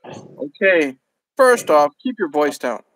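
A man's voice: a little high, sing-song, takes it slowly, fairly bright tone, no echo, full character voice. A man doing a foul-mouthed, harried Santa Claus. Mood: irritable. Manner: bellowing, profane.

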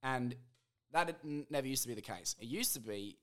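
A man's voice: mid-range voice, normal speed. A man hosting a casual podcast chat, telling stories with lots of swearing and acting out other people's voices. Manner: animated storyteller, swears a lot, acts out voices. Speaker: podcast host.

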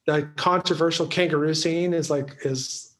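A man's voice: on the high side, steady tone, moderate pace, fairly bright tone. A man in casual film talk, rambling with many restarts and fillers.

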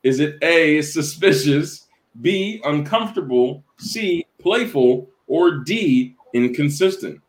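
A man hosting a casual web quiz show, reading questions slowly and teasing the contestant. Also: a little high, expressive. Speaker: quiz host.

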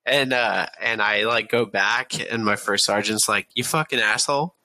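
A man's voice: lowish voice, steady tone, measured pace, bright, forceful tone, dry recording. A young man, a podcast guest, telling a long casual army story full of swearing and breaking into laughter. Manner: profane, laughs through his own story.

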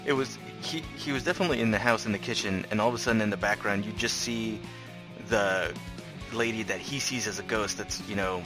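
A man with a low voice, chatting loosely and telling a story with lots of "like" and jokes. Clear music plays behind him. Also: a little fast. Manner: chatty storyteller, laughs often, jokey. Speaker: podcast co-host. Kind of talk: casual chat.

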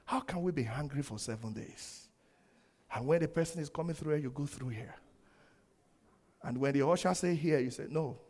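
A man preaching a sermon, animated, laughing often and acting out the quoted lines. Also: fairly high pitch, normal speed, pauses often. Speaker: pastor.

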